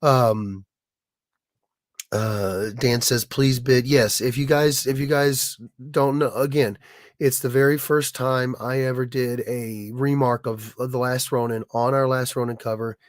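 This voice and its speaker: A man with a hoarse, raspy voice from being sick, chatting casually on his livestream and stumbling over restarts. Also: medium pitch, fairly even intonation, dry recording, clean studio sound. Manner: halting, many restarts and fillers. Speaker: livestream host, illustrator.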